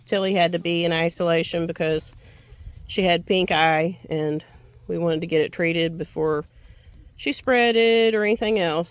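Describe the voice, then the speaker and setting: A woman's voice: on the low side, clean tone, no echo, poor audio. A tired woman chatting casually to her vlog audience outdoors by the animal pens in a folksy way. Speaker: homestead vlogger. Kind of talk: casual chat to camera.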